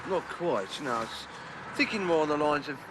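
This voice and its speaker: A man's voice: on the high side, expressive, moderate pace, noisy background, close to an everyday voice. A man playing an earnest health-food lecturer. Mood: earnest lecturing. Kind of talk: television comedy drama.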